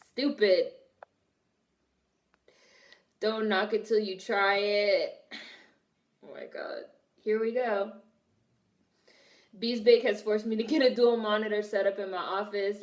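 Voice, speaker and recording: A woman's voice: mid-range voice, darkish tone. A woman streamer reacting to a film, chatting casually, laughing often and reading her chat aloud.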